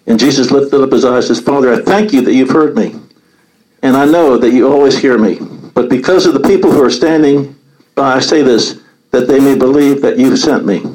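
A man's voice: mid-range voice, brisk, darkish tone, poor audio. A man leading a Bible study, reading scripture aloud and commenting on it earnestly.

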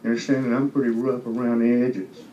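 A man's voice: mid-range voice, flat delivery, fast, dark tone, a little hiss or hum. A man giving a loose, conversational testimony to a church congregation, often asking if they understand. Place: church hall. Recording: echoey hall from far off, dull sound.

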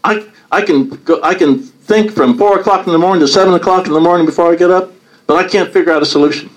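A man's voice: high-pitched, fast talker, poor audio. A man leading a Bible study, reading scripture aloud and commenting on it earnestly.

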